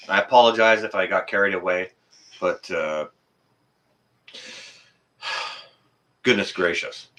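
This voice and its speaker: A man's voice: fairly low pitch, bright, forceful tone. A man hosting his own livestream, ranting in a heated way, swearing and then apologizing for it. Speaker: livestream host.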